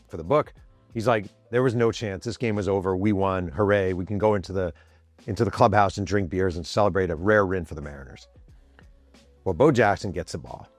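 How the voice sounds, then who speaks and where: A man in his fifties hosts a podcast from his home office, telling a sports story with animated energy. His voice is on the low side, with no room sound, and he acts out the quotes while swearing casually.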